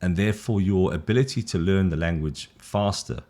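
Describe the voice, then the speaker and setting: A middle-aged man with a British accent and a low, deep voice teaches an English lesson as if to a single student. He is enthusiastic and rambling, stumbles over his words, and makes fun of his own slips. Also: moderate pace, warm tone. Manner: rambling, gets tongue-tied, self-deprecating. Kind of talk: casual one-to-one style English lesson.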